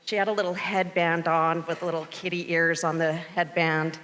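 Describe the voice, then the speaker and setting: A woman's voice: on the low side, moderate pace, a little hiss or hum. A middle-aged woman giving a conference welcome speech, telling a story and acting out the quoted lines. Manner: storytelling, animated when quoting the robot. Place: conference hall stage. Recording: long reverb of large hall.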